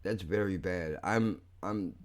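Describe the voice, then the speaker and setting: A young man hosting a podcast, talking in a blunt, profane, rambling way that turns angry fast. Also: sits low. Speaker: podcast host. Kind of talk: casual monologue.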